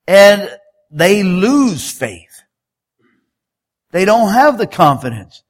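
A man preaching a sermon in a conversational style, building up to emphatic exhortations. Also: high-pitched.

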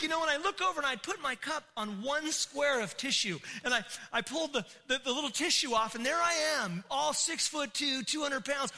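A middle-aged man, a pastor, telling a comic story in a sermon, animated and bursting into shouts. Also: very high-pitched, fairly quick, hardly any pauses, background noise.

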